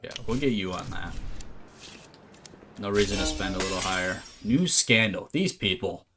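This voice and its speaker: Music plays beneath a deep-voiced man at a moderate pace as he gives let's play commentary on a management game. He reads the on-screen text aloud and tosses in wry asides, all casually. Faint noise and clicks can be heard.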